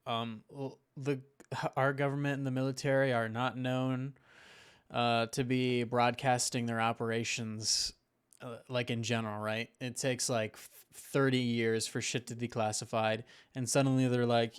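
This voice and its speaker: A man's voice: mid-range voice, fairly even intonation, normal speed, clean tone. A man hosting a podcast, chatting casually and rambling through theories with lots of hedging. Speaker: podcast host. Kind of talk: casual conspiracy-minded chat.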